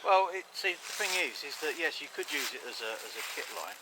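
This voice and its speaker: A man's voice: mid-range voice, sing-song, quick pace, a crowd in the background, rough recording. A man in the woods explaining his hammock gear to a friend, earnest and a bit stammering. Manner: earnest, technical, stammering restarts. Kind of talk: casual explaining chat. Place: outdoors in woodland. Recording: outdoor noise behind.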